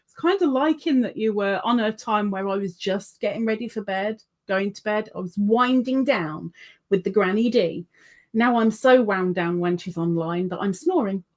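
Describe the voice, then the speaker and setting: A woman's voice: mid-range voice, normal speed. A woman hosting a casual livestream, chatting, reading viewer comments aloud and laughing often. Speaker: livestream host.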